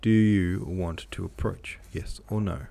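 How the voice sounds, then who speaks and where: Audiobook: man voicing a stern, peremptory priest, deep gravelly tone. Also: fairly even intonation, unhurried, warm tone, a little hiss or hum. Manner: curt, peremptory. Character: stern middle-aged male priest, seminary director, severe.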